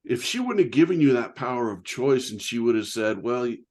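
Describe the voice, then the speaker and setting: A man's voice: medium pitch, expressive, a little fast, darkish tone. A man hosting a podcast interview, admiring and emphatic, repeating his praise of the guest's story. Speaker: podcast host. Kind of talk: interview conversation.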